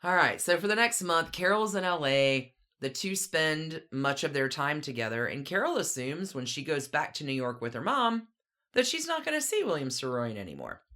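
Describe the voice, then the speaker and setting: Low-voiced woman, podcast co-host, casual storyteller with dry asides. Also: big pitch swings, moderate pace, pushed and bright.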